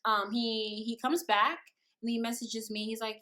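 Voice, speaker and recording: Young woman vlogger, dramatic slangy storytelling, bright high voice. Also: fairly even intonation, measured pace. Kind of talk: storytime vlog.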